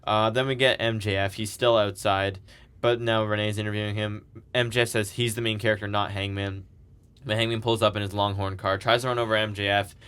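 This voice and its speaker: A man with a fairly low, smooth and clear voice talks through a recap in a loose, chatty way. He rambles a bit, restarting sentences and tossing in "like" and "um" as he goes. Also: flat delivery, a little fast, fairly bright tone. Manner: rambling, filler-heavy recapping with laughs. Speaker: podcast co-host. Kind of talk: casual recap chat.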